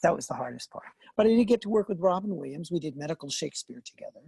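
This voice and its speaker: Gravelly older man telling stories. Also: on the high side, rapid-fire, no room sound. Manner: animated, laughing, acts out quoted lines. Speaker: guest, veteran actor and voice artist. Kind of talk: casual interview storytelling.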